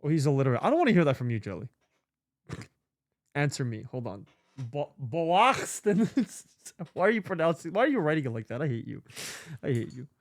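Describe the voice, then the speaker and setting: A male streamer chatting casually with viewers, excitable and swearing often with lots of exclamations. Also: medium pitch, brisk, no room sound, studio quality. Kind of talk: casual live-stream chat.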